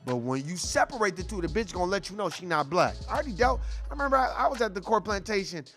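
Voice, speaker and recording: A man's voice: sits high, lively intonation, quick pace, fairly bright tone, soft background music. A man hosting a commentary show, ranting in a profane, heated and mocking way. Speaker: show host.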